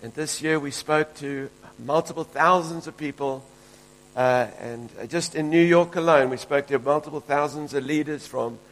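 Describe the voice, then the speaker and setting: Fervent preacher, higher voice. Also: male voice, moderate pace, low-quality recording. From South Africa. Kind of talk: sermon.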